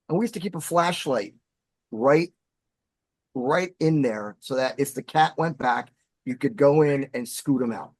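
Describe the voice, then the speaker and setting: A man telling a story as a podcast guest, animated and dramatic in his delivery. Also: a little high, dry recording. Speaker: podcast guest, former bassist. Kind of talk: storytelling in casual chat.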